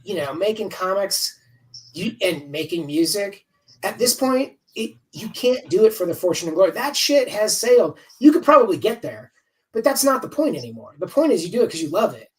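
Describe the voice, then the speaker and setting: A man's voice: high-pitched, big pitch swings, moderate pace, recorded from a distance, rough recording. A man in his fifties, a comics writer chatting as an interview guest over a video call, talking in a rambling, candid way and swearing freely. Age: 50s. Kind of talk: casual interview chat.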